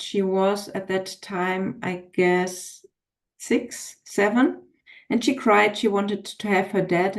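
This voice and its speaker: A woman podcast host sharing a personal story in a thoughtful, hesitant way with many fillers. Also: lowish voice. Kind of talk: casual interview talk.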